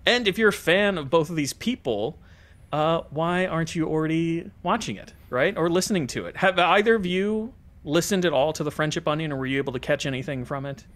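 A man's voice: a little high, expressive, a little fast, a bit bright. An American man co-hosting a casual podcast, talking in a loose, rambling way with frequent fillers. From United States. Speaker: podcast co-host.

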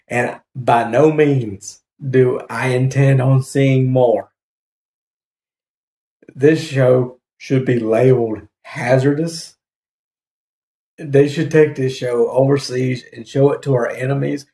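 A man's voice: mid-range voice, slow pace, warm tone. A man hosting a casual video review, rambling with hesitant fillers and frequent laughter. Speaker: YouTube reviewer host. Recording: echoey room.

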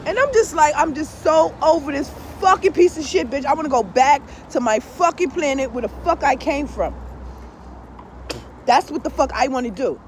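A woman with a very high voice rambles on in a loose, profane monologue, blunt and animated. Faint street and traffic noise sits behind her. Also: normal speed. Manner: profane and blunt, peppered with swear-word fillers; animated, with frequent laughs and asides. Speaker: tarot reader and spiritual vlogger.

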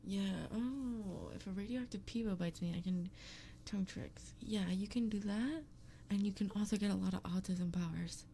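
A woman's voice: medium pitch, moderate pace, creaky, mellow, a little hiss or hum. A woman livestreaming and chatting casually to her viewers, blunt and profane with playful grumbling. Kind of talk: casual stream chat. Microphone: streaming microphone.

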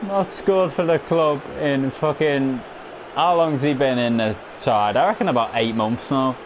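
Young man, casual gameplay commentary, excitable, sweary. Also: medium pitch, a little slow, noisy background. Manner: excitable, swears, addresses viewers as boys. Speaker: gaming commentator.

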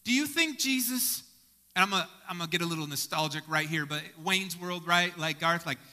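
A male pastor preaching an impassioned sermon, dropping to a hush and rising to shouts. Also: sits high, a little fast. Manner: impassioned, swinging from hushed to shouting.

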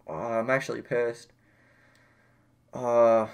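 Excitable young man commentating a game. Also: medium pitch, unhurried, pauses often, clean tone. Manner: excitable, swings between yelling and muttering. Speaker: gaming YouTuber.

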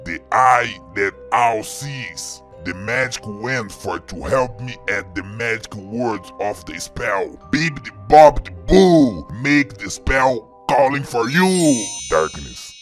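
Man playing a scheming villain, very slow delivery, bright forceful tone, theatrical cackles. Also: lowish voice, animated, faint music behind. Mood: gloating. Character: gleeful scheming male villain brewing a spell. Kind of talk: fan-made game machinima voice acting.

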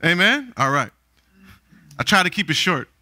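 A man's voice: sits high, sing-song, normal speed, bright, forceful tone, dry recording. A man preaching a sermon, often calling out questions for the congregation to answer. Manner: calls for responses from the congregation.

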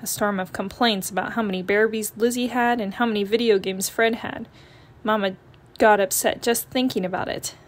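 A woman narrating a children's picture book read-aloud in a gentle, expressive storytelling manner. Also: mid-range voice, moderate pace.

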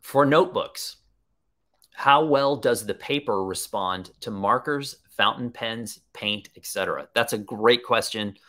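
Speaking at an unhurried pace, a man with a fairly low, bright and forceful voice hosts a live webinar. He's enthusiastic and conversational, thinking aloud as he fields questions from viewers.

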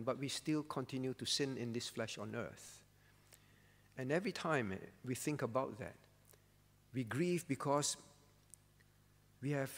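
A man preaching a sermon as pastor, earnest and pleading, often sinking to a soft voice. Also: medium pitch, vocal fry, long reverb tail. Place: church.

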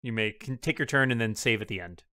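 A man's voice: medium pitch, fast, bright, forceful tone, no echo, clean studio sound. A man acting as game master of a tabletop game, describing the action and thinking aloud as he makes rulings.

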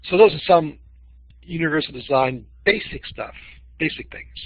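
A man leads a teaching webinar, his voice a little husky and set a touch high for a man. He leans on emphasis and contrast as he speaks. The sound is dry and dull, like lo-fi webinar audio. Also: normal speed, no room sound. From Boston. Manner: expressive, uses voice for emphasis. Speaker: webinar presenter.

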